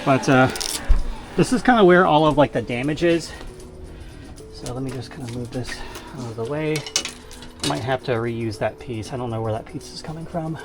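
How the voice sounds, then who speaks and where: A man's voice: medium pitch, normal speed, pauses often, over music. A man casually narrating as he cleans, rambling with fillers and self-corrections, a bit out of breath, inside a camper van on a camera mic that he moves around. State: slightly out of breath from working. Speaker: vlogger. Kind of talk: casual narration while working.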